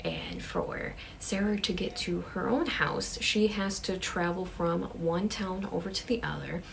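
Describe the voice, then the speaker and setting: Woman telling a ghost story casually, whispery bits, vocal fry. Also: fairly low pitch, sing-song, a little slow, a little hiss or hum. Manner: drops to a whisper for suspense, chatty fillers.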